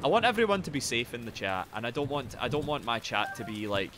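A young man with a Geordie accent commentates his game on a live stream, his pitch jumping all over as he yells and curses at enemies. The audio carries a clear layer of background noise. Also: fast. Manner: excitable, swearing, yelling at the game.

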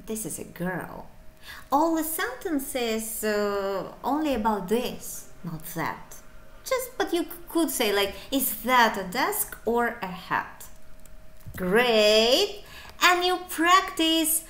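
A woman's voice: a little high, very animated, takes it slowly, a bit bright, roomy sound. A woman teaching a beginner English lesson, encouraging and playful, breaking into little asides. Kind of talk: online language lesson.

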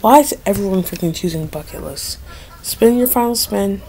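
A woman's voice: mid-range voice, expressive, normal speed, mellow, slight background noise. A young woman giving casual gameplay commentary, dramatic and pleading, complaining that luck is against her. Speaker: gaming video creator.

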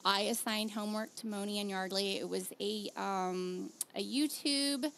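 A woman hosting a podcast in casual, animated chat, laughing easily as she talks. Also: mid-range voice, vocal fry, slight background noise. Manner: chatty, animated, quick laughs. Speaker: podcast host.

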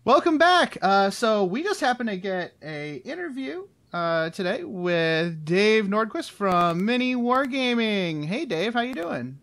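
A man's voice: sits high, expressive, a little slow, few pauses, fairly bright tone, no echo. A man hosting a podcast in casual chat, talking enthusiastically with rambling restarts and frequent laughter. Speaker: podcast host.

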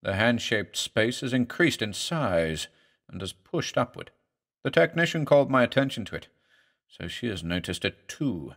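A man's voice: medium pitch, big pitch swings, moderate pace, fairly bright tone. A man narrating a horror story as a doctor's journal, reading in a grave, dramatic manner.

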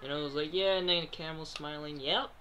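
High, bright young man chiming in. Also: fairly quick, a little hiss or hum. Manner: jumps in with interjections, profane and excitable. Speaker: friend and co-guest. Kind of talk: casual storytime chat.

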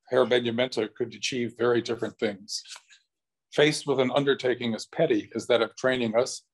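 A man reading his own translation of a novel aloud at a live event, measured and thoughtful, with brief asides to the audience. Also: medium pitch, slightly rough. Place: small venue in front of an audience.

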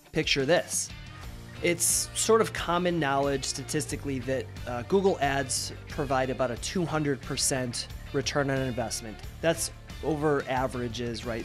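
Nasal, slightly raspy man explaining ads. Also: mid-range voice. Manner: energetic, conversational, with fillers. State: nasal and a little raspy after illness. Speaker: marketing agency founder, host. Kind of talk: direct-to-camera explainer.

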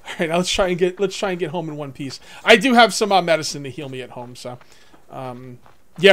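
A young man giving casual gameplay commentary to viewers, excitable, swinging from muttering to whooping. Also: sits high, fast talker. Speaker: let's play gamer.

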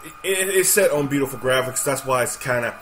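A man's voice: medium pitch, animated, a little fast, a bit bright, a little hiss or hum. Young guy playing a horror game, jumpy and cussing, voice bouncing all over. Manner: jumpy, swearing, nervous. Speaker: gaming youtuber. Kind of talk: let's play commentary.

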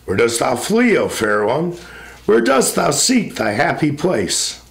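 A man's voice: a little high, big pitch swings, unhurried, gravelly, full character voice. A man reading as a wistful, mournful young spirit. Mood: wondering. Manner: lyrical, lamenting declamation. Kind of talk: poetry recitation.

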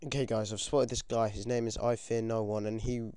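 Brit teen lad commentating his game, swears loads, gets yelpy, smooth voice, dry close mic. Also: fairly low pitch, fairly quick, no echo. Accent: British. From United Kingdom. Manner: excitable, swears a lot, yelps when things go wrong. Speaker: gaming commentator.

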